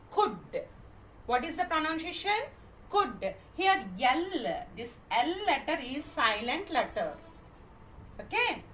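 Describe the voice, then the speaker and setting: Slow, high-voiced woman teaching phonics. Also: fairly bright tone. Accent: Indian English. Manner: spells words letter by letter, then says them slowly; repeats questions, checks with "okay?". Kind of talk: classroom phonics lesson. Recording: echoey room, mic at a distance, faint noise.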